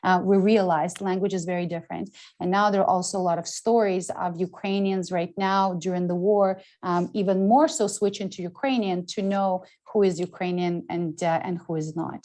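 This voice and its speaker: A woman moderating an online panel over a video call, speaking in a measured, polite way with frequent ums. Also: on the low side, steady tone, mellow.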